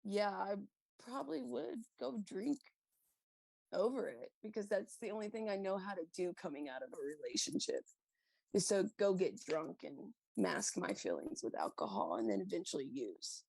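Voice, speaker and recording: A woman's voice: medium pitch, big pitch swings, normal speed, vocal fry, darkish tone, breathy edge, no echo. A woman guest on a podcast, talking in a candid, reflective way with lots of fillers. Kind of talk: casual conversation.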